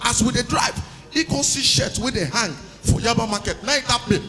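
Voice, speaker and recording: A male stand-up comedian with a Nigerian accent, telling a lively story in Pidgin with a sing-song delivery. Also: sits high, moderate pace. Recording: live hall with long reverb and music.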